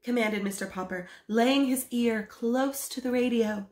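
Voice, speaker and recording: A woman reading a children's book aloud as a drama teacher, in an animated and expressive way. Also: a little high, measured pace. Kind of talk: storybook read-aloud for children. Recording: echoey room.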